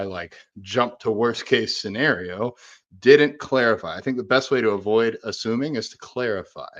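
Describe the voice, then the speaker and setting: Low-voiced man, dry dull mic. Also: fairly bright tone, no echo. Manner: acts out quoted exchanges with big pitch jumps; self-deprecating, says he is an introvert. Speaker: podcast co-host. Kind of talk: casual chat.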